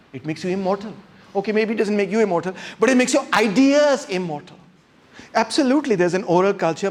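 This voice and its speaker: A man giving a classroom lecture, talking straight to students without a microphone and acting out intonation with emphatic, animated delivery. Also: high voice. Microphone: no microphone, unamplified voice.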